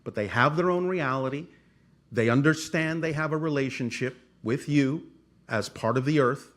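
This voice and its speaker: A man speaking as a channeler, answering audience questions in a formal, measured cadence with repeated phrases. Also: mid-range voice, a bit bright. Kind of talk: channeled spiritual talk.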